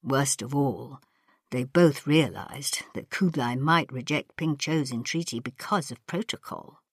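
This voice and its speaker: A woman narrating an audiobook in a measured storytelling manner. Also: extremely low pitch, breathy edge, no echo, studio quality. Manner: measured storytelling, voices characters. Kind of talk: scripted narration.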